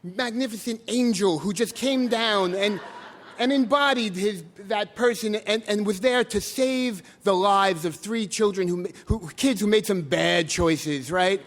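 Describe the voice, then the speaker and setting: An animated, self-mocking man tells a true story live on stage at a story slam. His voice sits high. The hall rings with a long reverb, and faint noise sits under the recording. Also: a little slow.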